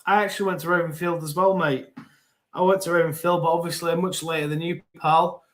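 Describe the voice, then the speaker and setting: A man in his forties hosts a live football podcast, reading out viewer comments in a chatty, rambling manner and often repeating words. His voice is a little high and level in tone, and he speaks briskly.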